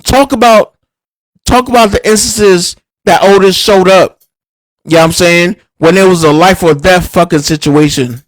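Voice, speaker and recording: A man ranting heatedly on a livestream, swearing a lot, repeating himself and filling pauses with "uh" and "like". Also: sits high, no echo, poor audio. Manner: angry, profane, repeats himself, many fillers. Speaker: livestream host.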